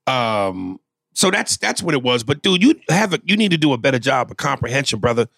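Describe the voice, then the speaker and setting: A man's voice: mid-range voice, big pitch swings, brisk, creaky, a bit bright, no echo, clean studio sound. A man co-hosting a casual podcast chat, joking loosely and swearing freely. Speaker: podcast co-host.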